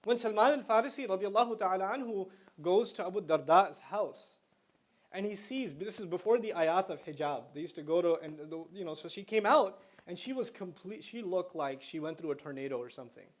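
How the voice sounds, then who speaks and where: A man's voice: sits high, lively intonation, a little fast. A middle-aged man giving a religious lecture to students in a conversational way, explaining terms and slipping into slang. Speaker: Islamic lecturer.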